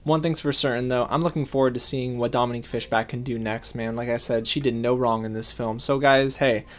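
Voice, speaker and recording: A man's voice: medium pitch, fairly quick. A man reviewing a film in a casual, emphatic way, often calling out to his viewers. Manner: animated, emphatic, addresses viewers as guys.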